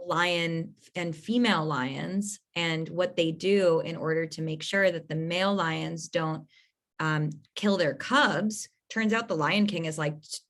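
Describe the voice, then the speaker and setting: A woman's voice: deep voice, a little slow, a bit bright. Effusive woman hosting a podcast. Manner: effusive, laughs often, swears casually. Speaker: podcast host and astrologer. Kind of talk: casual chat.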